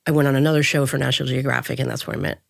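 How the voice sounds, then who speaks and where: Woman, thirties, interview guest, animated storytelling, acts out quotes, dry close sound. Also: very deep voice, very fast, gravelly, no room sound.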